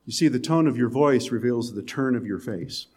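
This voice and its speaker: Guy preaching, talks to the congregation casually, goes quiet for emphasis, chuckles now and then. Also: medium pitch, moderate pace, slightly rough. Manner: conversational preaching, drops to soft emphatic lines, occasional chuckles. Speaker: pastor. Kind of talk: sermon.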